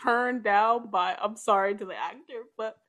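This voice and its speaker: A woman chatting casually about a TV show, animated and laughing often as she acts out characters' lines. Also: mid-range voice, normal speed. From part Jamaican family. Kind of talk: casual chat.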